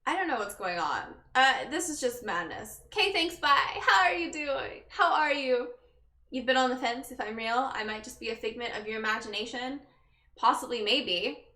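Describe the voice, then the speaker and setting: A woman's voice: a little high, lively intonation, normal speed, pushed and bright. A young woman streaming live, chatting casually with viewers, greeting them by name and sounding exhausted. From Texas. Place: her bedroom. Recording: echoey room with background music.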